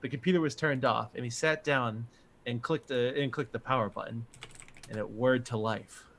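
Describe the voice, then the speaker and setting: A man's voice: medium pitch, fairly even intonation, moderate pace, vocal fry, fairly bright tone, a little hiss or hum. Chuckling man narrating a game. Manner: chuckling, easygoing storyteller. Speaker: game master.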